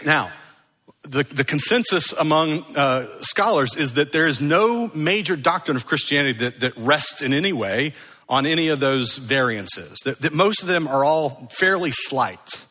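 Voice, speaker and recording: A man's voice: a little high, expressive, normal speed, sharp tone, big-room sound. A man preaching an earnest, conversational sermon that is full of rhetorical questions. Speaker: pastor.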